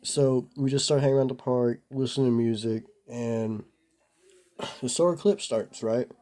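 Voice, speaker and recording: A man's voice: mid-range voice, normal speed, mellow. Laid-back young man telling a story. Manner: rambling, laid-back, lots of "bro" and "like". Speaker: vlogger. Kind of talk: casual storytelling.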